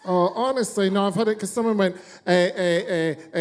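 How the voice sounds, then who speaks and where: A man's voice: sits high, a little fast, few pauses, slight background noise. Brash sweary man hosting a chat. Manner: brash, sweary, joking rants. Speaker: chat show host. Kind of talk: casual chat.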